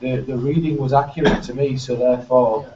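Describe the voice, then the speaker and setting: A man's voice: mid-range voice, steady tone, a little fast. A man hosting, adding his ideas thoughtfully in long sentences during a casual discussion over a video call. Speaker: host. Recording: dull, roomy, distant sound with faint noise.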